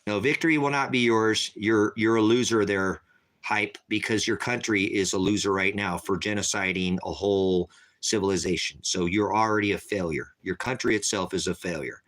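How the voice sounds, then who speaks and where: A man preaching on a livestream, ranting forcefully and repeating himself. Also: deep voice, steady tone, moderate pace. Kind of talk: heated livestream rant.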